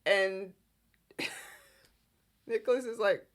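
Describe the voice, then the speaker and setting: A woman hosting a podcast and recapping a soap opera in casual, animated chat with frequent giggles. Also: mid-range voice, slow pace. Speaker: podcast host.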